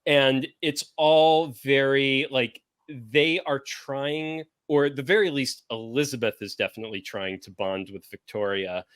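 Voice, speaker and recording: A man's voice: mid-range voice, a little slow, hardly any pauses, a bit bright, clean tone, dry recording, studio quality. A man hosting a casual podcast chat, talking in a rambling way and searching for words with many fillers. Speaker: podcast host pairing wines.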